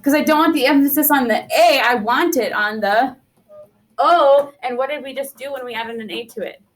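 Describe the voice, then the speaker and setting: A woman's voice: sits high, moderate pace. Upbeat woman teaching Spanish class. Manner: upbeat, drills students with questions, sprinkles Spanish words.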